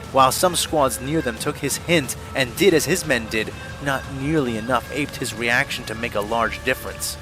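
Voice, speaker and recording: A man reading a fan-made war story aloud as narrator, with steady, dramatic storytelling. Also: mid-range voice, low-quality recording. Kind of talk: scripted audiobook narration.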